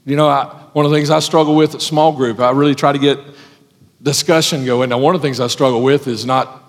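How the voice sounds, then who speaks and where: A man preaching a sermon as pastor, folksy in his wording, swinging from loud exhortation to hushed tones. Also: medium pitch, fairly even intonation, brisk. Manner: folksy, says ain't and gotta. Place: church sanctuary. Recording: long hall reverb.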